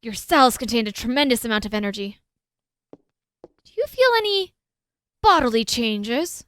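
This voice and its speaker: A woman's voice: fairly high pitch, expressive, moderate pace, fairly bright tone, clean tone. A woman reading a game aloud, voicing an arrogant male scientist who questions people curtly and condescendingly. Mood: cold, probing.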